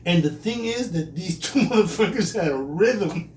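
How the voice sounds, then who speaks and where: A man with a slightly higher voice tells stories in casual chat, laughing often and swearing freely. He sounds distant from the mic in an echoey room. A faint hiss sits under the recording. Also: lively intonation, normal speed, darkish tone. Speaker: podcast co-host.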